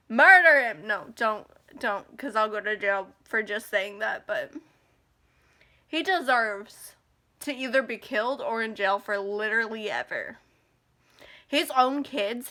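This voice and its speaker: On the verge of crying, a woman in her twenties rants angrily to the camera in her personal vlog. Her voice is on the high side with a sharp edge.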